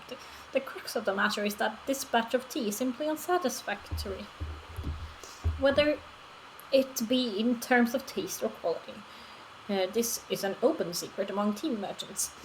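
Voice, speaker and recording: A woman's voice: fairly high pitch, slight background noise, lightly acted, rough recording. A woman voicing an earnest male tea merchant villager, speaking in formal, old-fashioned phrasing.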